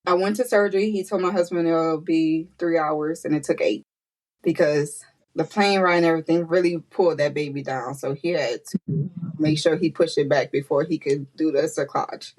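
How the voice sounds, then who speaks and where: A woman guest on a podcast, telling a personal story with animated quoted voices and frequent laughter. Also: normal speed, rough recording. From United States. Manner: animated, acts out quotes with high pitch, laughs often. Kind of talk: emotional storytelling interview.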